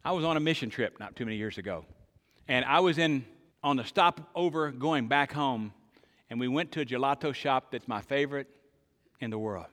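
A man's voice: medium pitch, a little fast. Older man preaching in a long-echo hall. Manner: emphatic preacher, asks the congregation questions, swings loud and soft. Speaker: pastor. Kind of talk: sermon.

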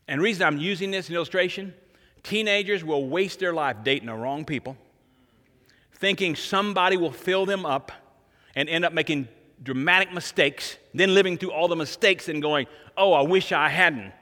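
Male pastor, sermon delivery, bright ringing tone, repeats lines for emphasis, long hall reverb. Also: a little high, moderate pace. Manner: animated storytelling preacher, repeats phrases for emphasis.

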